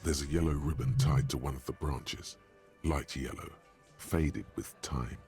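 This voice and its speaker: A game narrator, very deep, gravelly, measured. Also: male voice, fairly even intonation, darkish tone, soft background music. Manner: measured, literary description. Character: omniscient male narrator, detached and descriptive.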